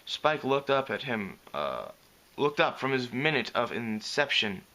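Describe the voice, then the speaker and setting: A man reading a story aloud with a lively, wide-ranging pitch and a bright, clear tone. He reads steadily and fixes small slips as he goes. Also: measured pace. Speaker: reader. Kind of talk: reading fan fiction aloud.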